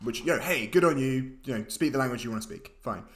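A man's voice: mid-range voice, fast talker. A man co-hosting a podcast in casual chat, playful and given to mock-serious jokes. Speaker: podcast co-host.

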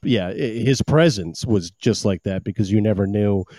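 A man hosting a podcast in casual chat, an animated storyteller who laughs often. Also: fairly low pitch, moderate pace, dry recording. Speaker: podcast host.

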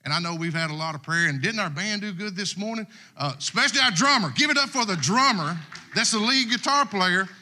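Sitting high, pushed and bright, the voice belongs to a middle-aged guest preacher. In the church sanctuary he preaches a casual, folksy sermon to the congregation, folksy and conversational in a Southern US dialect.

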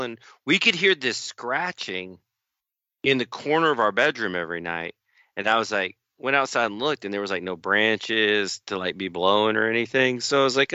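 A man casually telling a long story on a podcast, unhurried and folksy, acting out the other people in it. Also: on the low side, expressive, pushed and bright, smooth, no room sound. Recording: dull, slightly lo-fi dry studio sound.

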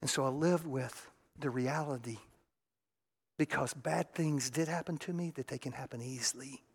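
A middle-aged man, preaching a sermon and telling a raw, emotional personal story that swings between loud and hushed. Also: mid-range voice, normal speed, vocal fry, husky. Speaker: pastor.

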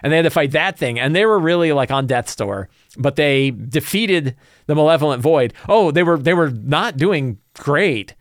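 A man's voice: fairly high pitch, animated, moderate pace, no room sound, clean studio sound. A man hosting a show, casually recapping a tabletop campaign as game master, rambling with many fillers and restarts.

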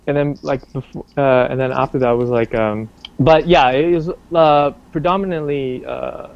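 A man's voice: mid-range voice, normal speed, creaky, hardly any pauses, smooth, highs cut off. A young man from Canada being interviewed, talking casually with lots of fillers and restarts. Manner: rambling, many restarts and fillers, animated when quoting.

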